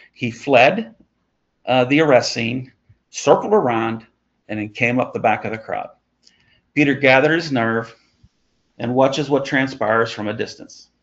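A man's voice: medium pitch, vocal fry, highs cut off. A man leading an informal Bible study, talking conversationally with chuckling asides as he reads and explains scripture.

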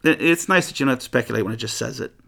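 Male pastor, gravelly voice, casual Bible-study teacher, mid-range pitch. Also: racing. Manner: conversational, restarts often, animated stretches. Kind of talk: informal Bible teaching and prayer.

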